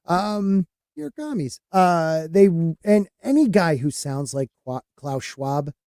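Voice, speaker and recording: A man's voice: fairly high pitch, animated, slow pace, dark tone, clean tone, no echo, clean studio sound. A man hosting a podcast, talking in a casual, rambling way with lots of fillers and restarts. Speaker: podcast host.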